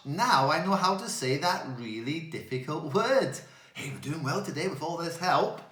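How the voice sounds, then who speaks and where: A man giving a playful, animated talk to children. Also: a little high, normal speed, roomy sound. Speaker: children's speaker.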